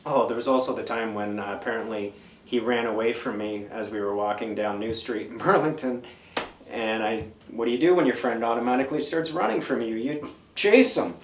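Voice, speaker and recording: A man's voice: medium pitch, fairly quick, far from the mic, a little hiss or hum. Rambling man, roomy room sound. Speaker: interview guest. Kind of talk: casual storytelling. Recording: roomy, away from the mic.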